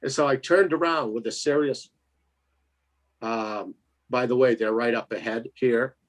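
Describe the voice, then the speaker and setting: A man telling a spooky story as a guest. He is lively and emphatic and keeps checking in with "right?". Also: mid-range voice, a little slow. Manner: lively, emphatic, tags lines with 'right?'. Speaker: paranormal investigator guest. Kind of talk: casual storytelling.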